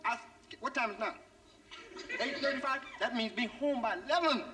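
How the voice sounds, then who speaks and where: A man's voice: extremely high pitch, normal speed. A man performing stand-up comedy, telling a story about his youth and jumping into the voices of the people in it. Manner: animated, jumps into characters' voices. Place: comedy stage before a live audience. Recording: distant stage mic with faint noise.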